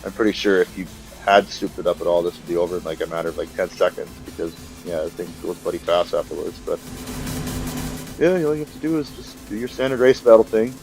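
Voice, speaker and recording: Young man, lowish voice, casual gameplay commentary, acts out lines, soft music behind. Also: quick pace. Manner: rambling, filler-heavy, acts out characters' lines. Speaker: let's play commentator.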